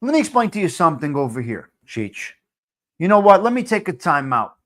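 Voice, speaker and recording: A man's voice: a little high, very animated, a little fast, a bit bright. A man hosting a live stream, answering viewer comments in a blunt, profane, repetitive rant. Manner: blunt and fired up. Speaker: live-stream show host.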